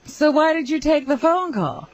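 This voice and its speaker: A woman's voice: high voice, sing-song, normal speed, muffled recording. A woman co-hosting a talk radio show, laughing often and asking short questions. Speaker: radio co-host.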